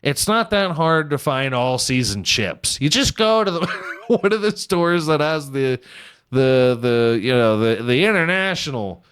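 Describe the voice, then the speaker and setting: A man's voice: a little high, very animated, a little slow, fairly bright tone, clean tone. A man hosting a casual comedy podcast, irreverent and sarcastic, swearing freely, laughing at his own jokes and slipping into a mock ad-read delivery. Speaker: podcast host.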